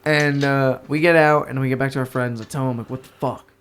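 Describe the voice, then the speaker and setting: A man's voice: medium pitch, fairly quick, smooth. A young man from the New York area, a podcast guest telling a story in casual talk, swearing and acting out the people in it. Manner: animated, swearing, acts out voices in his stories.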